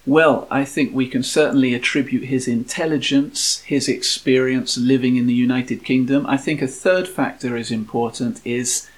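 A man co-hosting a casual talk, explaining words and ideas in a measured, steady way. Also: medium pitch. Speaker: co-host. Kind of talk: casual chat.

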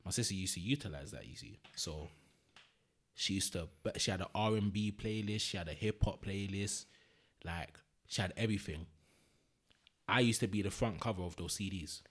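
A podcast co-host, male, talks in a low voice at a moderate pace. He chats casually and tells animated stories thick with slang.

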